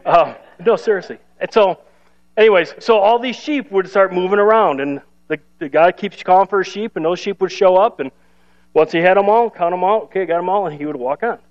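High-voiced man preaching casually. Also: fairly quick, lo-fi sound. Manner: conversational and self-deprecating, playful asides. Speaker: pastor. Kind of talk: sermon. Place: church service.

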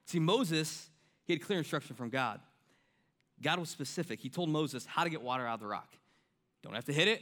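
A man's voice: on the high side, animated, a little fast, bright, forceful tone. A young man preaching a sermon in an earnest, conversational way, repeating key lines and tossing in "right?" and "I mean.". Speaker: pastor.

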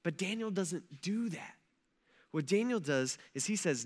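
A man's voice: high voice, animated, unhurried. A man preaching a sermon in a conversational way, often checking in with his listeners. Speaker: pastor.

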